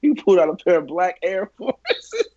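A man's voice: high-pitched, fast, mellow, no room sound, muffled recording. A man co-hosting a podcast, telling stories and teasing his friends in casual chat. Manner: teasing storyteller. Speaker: podcast co-host.

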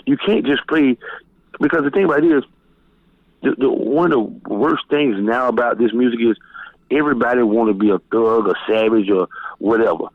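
A middle-aged man from Florida, telling stories as a guest DJ in a loose, profane, animated way. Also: normal speed, no room sound. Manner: animated, profane, jumps high when quoting people. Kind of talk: casual storytelling interview. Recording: tinny phone-line sound, dry.

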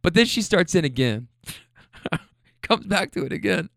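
Animated man telling driver stories. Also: high voice, normal speed, gravelly, no room sound, clean studio sound. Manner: animated, laughing, profane. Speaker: rideshare driver. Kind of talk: casual storytelling.

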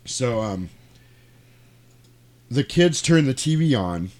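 A man's voice: medium pitch, sing-song, takes it slowly, a little mellow. A man hosting a casual podcast in a home studio, retelling a movie plot animatedly with sound effects and quoted lines. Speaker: podcast host. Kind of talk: casual movie recap chat.

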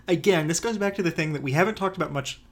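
A man's voice: fairly high pitch, fast talker. A man co-hosting a casual podcast about a film, enthusiastic and laughing often as he acts out lines. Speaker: podcast co-host. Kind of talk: casual film-discussion chat.

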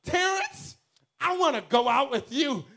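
A brash teenage girl with a loud, nasal voice and a blunt, eager way of talking, as a male storyteller puts her on. She sits high and swings all over the place. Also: lively intonation, unhurried, heavily acted.

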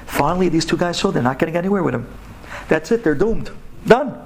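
A man giving a sermon-style storytelling talk to women, animated and emphatic, with pitch swinging sharply up and down. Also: a little fast, background noise.

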